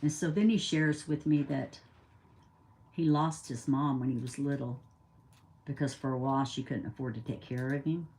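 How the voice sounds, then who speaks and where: A woman's voice: very deep voice, steady tone, moderate pace, a little mellow. Chatty older woman telling a story. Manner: chatty, rambling, acts out dialogue. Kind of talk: casual spoken storytelling.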